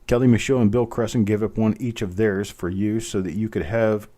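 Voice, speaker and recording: A middle-aged man hosting a live online coin auction, chatty and joking, calling out bids in a steady, repeating rhythm. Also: lowish voice, a little fast. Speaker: auctioneer host.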